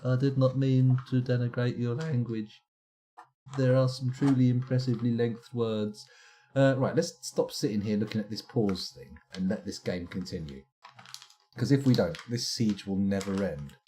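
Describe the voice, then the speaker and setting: A man's voice: medium pitch, fairly even intonation, normal speed, dark tone, a little hiss or hum. A man streaming a game live, chatting and rambling to himself as he plays. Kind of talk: live let's-play commentary.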